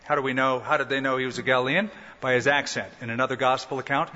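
Bright-voiced preacher man in a reverberant hall. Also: mid-range voice, fairly even intonation, fast. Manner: conversational teaching with rhetorical questions and humorous asides. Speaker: pastor. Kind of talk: sermon. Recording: dull lo-fi sound with long hall reverb.

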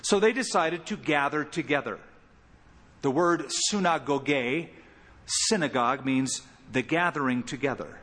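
A man preaching an expository sermon as pastor, animated, with big swings in pitch and loudness. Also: unhurried, in a large hall.

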